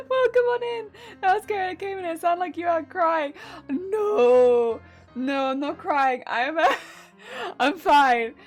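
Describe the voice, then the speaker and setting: A woman streamer chatting casually with her live chat while crafting, laughing often, her weak voice cracking when her pitch changes. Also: animated, unhurried, faint music behind. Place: home crafting stream setup.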